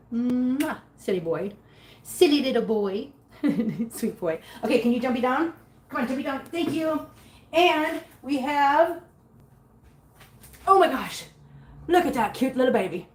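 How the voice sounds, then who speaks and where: Chatty woman cooing to her cats. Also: a little high. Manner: chatty, coos baby talk to her cats. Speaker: vlogger reading live chat. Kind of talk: casual livestream chat.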